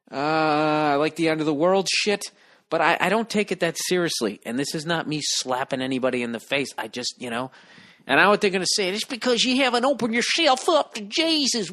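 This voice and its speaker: A man's voice: high-pitched, fairly bright tone. Profane, exasperated man ranting. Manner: profane, exasperated, reading a listener email. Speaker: podcast host. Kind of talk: comedic podcast rant.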